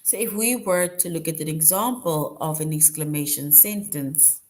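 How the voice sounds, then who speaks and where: A woman teacher explaining a grammar lesson to young children, patient and repetitive, often checking in with "right?". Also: low voice. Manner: patient, repeats points, tags "right?" often; slow, deliberate.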